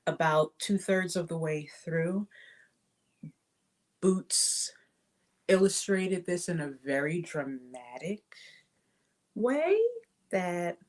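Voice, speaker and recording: A woman giving a casual spoken movie review, thinking aloud with many pauses, fillers and restarts. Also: fairly low pitch. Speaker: film reviewer.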